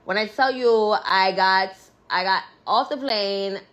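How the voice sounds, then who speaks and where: A woman's voice: mid-range voice, slow pace, fairly bright tone, poor audio. A woman talking in a casual, rambling monologue, blunt and profane, packed with filler words. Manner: blunt and candid. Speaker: musician on a livestream.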